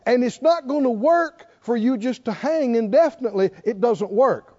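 A man's voice: very high-pitched, animated, moderate pace, mellow. An older man preaching a sermon in an emphatic, folksy way with bits of humor, on a slightly dull lo-fi recording. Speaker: pastor.

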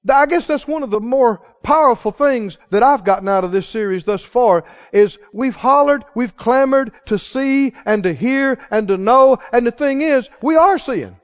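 A man preaching a sermon dramatically, asking the congregation questions and swinging between loud exclaims and hushed lines. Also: very high-pitched, moderate pace, hardly any pauses. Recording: dull lo-fi sound.

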